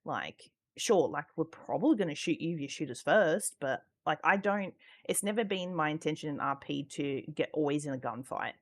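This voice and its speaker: A woman's voice: deep voice, lively intonation, normal speed. A woman chatting casually about roleplay gaming, swearing freely and leaning on fillers like "like". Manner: swearing, filler-heavy, laughs often.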